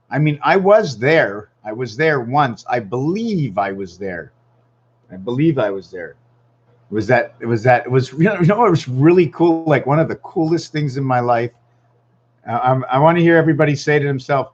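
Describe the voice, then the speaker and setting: Man, casual rambling vlogger at home, mid pitch, muffled lo-fi sound. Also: expressive, a little fast. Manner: rambling, wandering, thinks aloud with restarts. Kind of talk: rambling casual vlog monologue.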